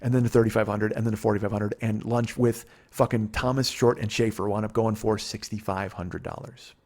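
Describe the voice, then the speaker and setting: A man's voice: on the low side, fairly even intonation, normal speed, a little mellow. A man in his forties, a podcast host, telling a long, profane, rambling story in casual chat. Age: 40s.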